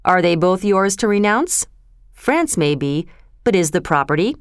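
A woman voicing a cruel, cold aristocratic marquis in a storybook reading, with a smooth, dry voice. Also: on the low side, big pitch swings, unhurried, no room sound. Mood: stern. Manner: cold, dismissive.

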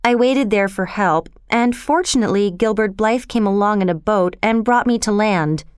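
A woman's voice: mid-range voice, normal speed, clear, resonant tone, no echo, studio quality, close to an everyday voice. A woman voicing a proud, stubborn young girl who speaks coldly and firmly. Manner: cold, firm and formal.

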